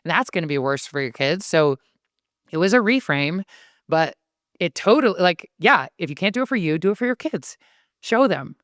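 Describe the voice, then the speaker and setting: A woman who is an author and podcast guest, telling stories in an animated way and acting out the voices she quotes. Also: lowish voice, normal speed, no echo, studio quality. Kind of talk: casual podcast conversation.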